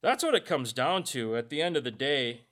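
Pastor guy preaching casual, jokey asides, bright voice. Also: mid-range voice, sing-song, moderate pace. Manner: casual, joking asides, reads scripture aloud. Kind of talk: conversational sermon.

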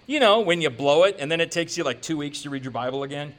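Male pastor, casual joking sermon delivery, high animated voice. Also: rapid-fire, few pauses. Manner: conversational, joking preaching with quoted asides.

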